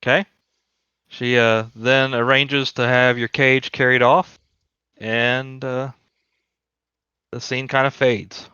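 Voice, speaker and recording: A man running a tabletop game over voice chat, easygoing and quick. His voice is bright, crisp and clear. The mic sounds dry and somewhat dull. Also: mid-range voice, level tone, dry recording. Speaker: dungeon master.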